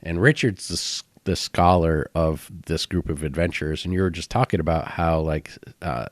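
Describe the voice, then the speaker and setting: Very deep-voiced man recapping a game. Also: normal speed, no room sound, studio quality. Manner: relaxed, recapping with frequent fillers. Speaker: podcast co-host and player. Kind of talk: casual chat recapping a tabletop game.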